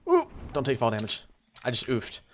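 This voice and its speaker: Young male streamer, mid-pitched, relaxed and excitable, running live gameplay commentary, thanking chat. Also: normal speed, heavy background noise. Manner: casual, excitable, thanks donors and chatters. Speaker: streamer host.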